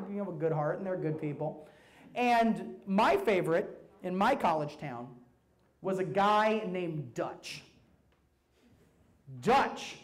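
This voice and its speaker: A young man doing a stand-up routine, telling profane stories in a brash, animated way on a club stage. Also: sits high. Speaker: stand-up comedian. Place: comedy club stage before a live audience.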